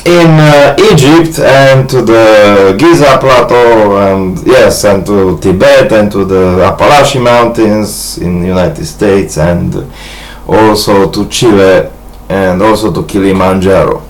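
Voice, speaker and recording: Halting, grandiose man. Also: lowish voice, poor audio. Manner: hesitant, halting, many restarts and fillers; grandiose, earnest monologue. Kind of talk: rambling personal video message.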